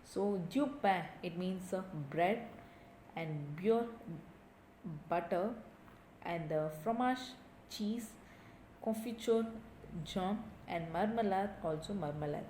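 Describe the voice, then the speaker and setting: A woman's voice: medium pitch, takes it slowly, pauses often, darkish tone. Woman teaching a French lesson. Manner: reads dialogue lines aloud, then translates each one. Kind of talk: recorded language lesson. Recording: echoey room, faint ambient noise.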